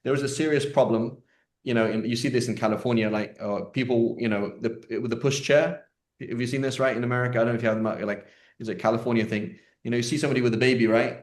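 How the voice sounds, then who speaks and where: A man's voice: on the low side, a little mellow. A man teaching an online question-and-answer class in a chatty, joking way, with many fillers and restarts. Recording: roomy echo.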